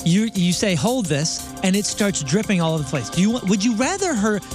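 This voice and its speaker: Radio co-host, male, high and lively, relaxed delivery, music bed under him. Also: a little fast. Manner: easygoing, laughs, stammers. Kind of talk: radio banter.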